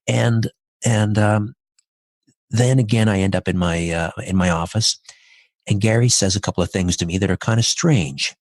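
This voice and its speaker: A man's voice: lowish voice, normal speed, darkish tone, no echo, studio quality. A middle-aged man, a podcast guest, telling a personal story in an earnest, reflective way, step by step.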